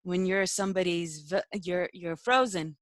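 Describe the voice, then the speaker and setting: A woman's voice: lowish voice, normal speed, no echo. A young woman, a spiritual teacher, telling a personal story in casual talk, emotional, laughing often and using many fillers.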